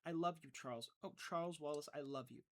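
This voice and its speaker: A man's voice: fairly high pitch, fast talker, close to an everyday voice. A man reading an audiobook and voicing a young girl, pleading with emphatic, loving repetition. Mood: tender.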